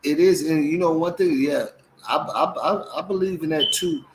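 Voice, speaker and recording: A man's voice: fairly high pitch, moderate pace, noisy background. A man co-hosting a casual commentary chat, talking animatedly and acting out quotes in mimicking voices. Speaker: co-host.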